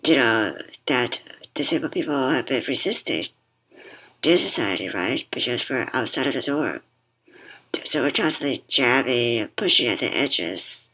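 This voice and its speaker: A woman's voice: extremely low pitch, expressive, a little slow, fairly bright tone, breathy edge, poor audio. A woman guest speaking through a worn mask, thoughtful and reflective, sometimes repeating words. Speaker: podcast guest. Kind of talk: reflective conversation.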